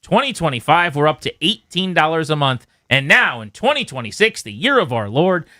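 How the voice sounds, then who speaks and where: Sarcastic and joking, this radio co-host rants animatedly in casual conversation. His pitch is fairly high, and the studio-microphone recording is studio quality with no echo.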